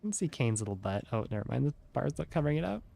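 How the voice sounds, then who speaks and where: Chill guy gaming w a friend, gravelly voice, mid pitch. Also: big pitch swings, racing, mellow. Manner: laid-back, laughing often. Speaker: co-player. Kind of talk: casual chat while gaming.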